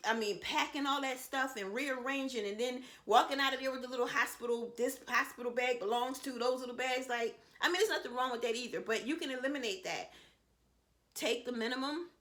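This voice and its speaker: Speaking with a sharp tone and a voice pitched a little high, this thirty-something mother of seven vlogs relaxed words of reassurance to fellow moms. Her advice is full of promises and frequent "you know"s.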